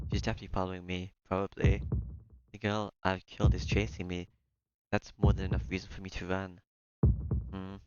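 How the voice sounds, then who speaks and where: Deep, flat-voiced man reading a visual novel. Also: lo-fi sound, noisy background. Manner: reads first-person narration, breaks off for joking asides. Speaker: let's-play streamer.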